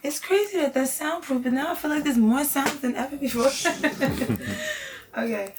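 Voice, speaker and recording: A woman's voice: sits high, normal speed, noisy background. A woman coaching her son in a recording studio. She gives emphatic, directive instructions and chats casually for a reality vlog.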